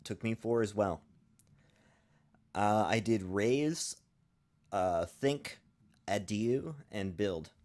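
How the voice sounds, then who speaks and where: A man with a somewhat low voice co-hosts a laid-back podcast. He trades jokes with a dry, deadpan delivery, talking into a remote call mic. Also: very slow, pauses often. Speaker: podcast co-host. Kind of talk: casual chat.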